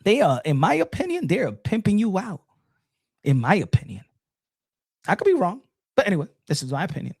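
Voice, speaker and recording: Man, live-stream boxing commentary, teasing, repetitive, laughing, lively pitch. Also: fairly quick, gravelly, long pauses, slightly rough.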